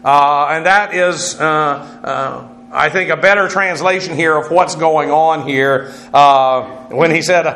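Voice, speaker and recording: Echoey Bible teacher spelling Greek words. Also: male voice, on the high side, takes it slowly, few pauses, bright, forceful tone. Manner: explanatory, spells out Greek words, frequent uh fillers. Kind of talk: Greek word-study lecture. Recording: echoey room with faint noise.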